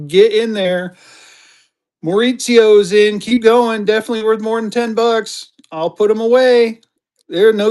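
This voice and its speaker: A man's voice: high-pitched, a little mellow. A man hosting a live-stream currency auction, greeting viewers by name and urging them to bid. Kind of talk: live-stream selling chat.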